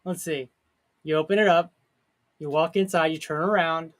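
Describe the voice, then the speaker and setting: A man's voice: on the high side, steady tone, moderate pace. A man co-hosting a casual chat, telling stories and laughing often. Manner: jokey storyteller, laughs often. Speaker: podcast co-host.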